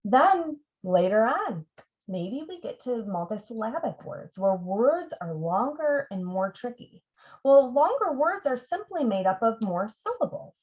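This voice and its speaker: Slow, patient woman tutor sounding out words. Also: on the high side, very animated. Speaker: reading tutor leading a parent workshop. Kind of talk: teaching demonstration. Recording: dull lo-fi sound.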